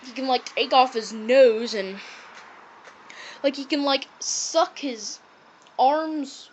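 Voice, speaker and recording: A high-pitched woman rants about a cartoon in a casual, rambling way. She strings thoughts together with constant "um"s and "like"s as she reviews. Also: slow, slight background noise. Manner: rambling, heavy on fillers like "um" and "like".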